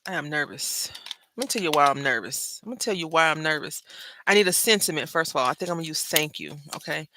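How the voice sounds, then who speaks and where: A woman hosting a craft channel, chatting with viewers while she makes a card, calling them "y'all" and jumping between loud remarks and hushed asides. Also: on the low side, a little hiss or hum. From Brazil. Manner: chatty, talks straight to viewers, lots of "y'all". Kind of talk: casual chat while crafting live.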